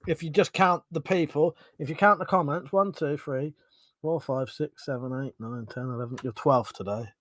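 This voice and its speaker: Chatty, sweary British streamer. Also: male voice, fairly high pitch, normal speed, a bit bright, dry recording. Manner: chatty, sarcastic, swears freely; reads out viewer comments. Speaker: livestream host. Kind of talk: casual live-stream chat.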